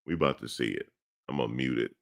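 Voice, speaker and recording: Speaking fast in an extremely low, gravelly voice, a middle-aged sports commentary host delivers a blustery, blunt rant. He keeps repeating his points and addresses the audience head-on.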